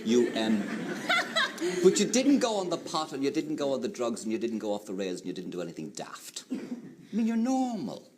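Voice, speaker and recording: A man's voice: medium pitch, wildly swooping pitch, moderate pace, noisy background. A man hosting a television talk show, coaxing and teasing his guest as he asks questions. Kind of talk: TV interview. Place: TV studio.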